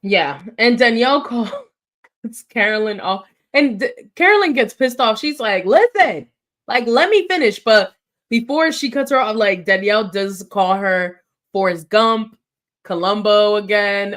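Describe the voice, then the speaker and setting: Brief: woman podcast co-host, mid-pitch, animated recap chatter. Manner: animated, quick retelling with acted-out quotes. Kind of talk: casual recap chat.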